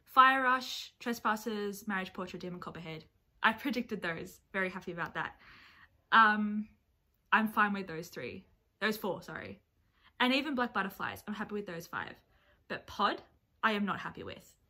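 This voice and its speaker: A woman book vlogger talking casually to camera in a reaction video, expressive and chatty, swearing freely. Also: mid-range voice, moderate pace. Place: at home with her dog nearby.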